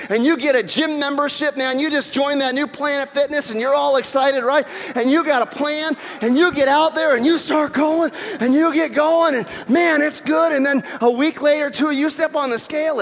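A man preaching a sermon as pastor, conversational and animated, asking the congregation rhetorical questions. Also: very high-pitched. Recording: reverberant hall.

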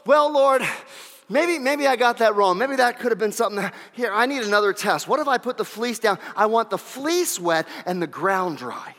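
A man's voice: sits high, animated, normal speed, a bit bright. A man preaching who voices a fearful, doubting male biblical warrior, hesitant and pleading. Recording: long church reverb.

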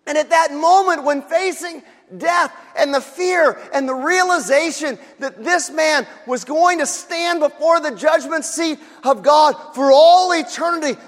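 A man's voice: extremely high pitch, fairly bright tone, big-room sound. A male pastor preaching a sermon in a conversational, emphatic way with rhetorical asides.

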